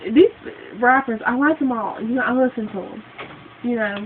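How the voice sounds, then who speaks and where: A young woman with a fairly high voice rants bluntly into her phone, swearing and rambling with lots of fillers. The sound is thin and phone-like, with a faint hiss underneath. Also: normal speed. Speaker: vlogger. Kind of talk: casual vlog rant.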